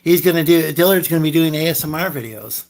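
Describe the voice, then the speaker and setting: A man's voice: on the high side, fast, a crowd in the background. A man guesting on a livestream, insistently pressing his point in a casual argument. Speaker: stream guest.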